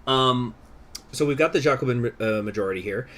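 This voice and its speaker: A man's voice: mid-range voice, a little fast, a bit bright, a little hiss or hum. Rambling young male game streamer. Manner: rambling, swears freely, many fillers. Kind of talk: casual live-stream commentary.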